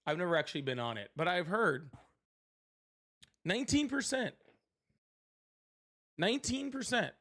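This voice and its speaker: With a high, animated voice and a sharp tone, this man talks a little slowly and leaves long pauses. He hosts a political livestream from his seat at home, profane, sardonic and rambling in casual stream talk.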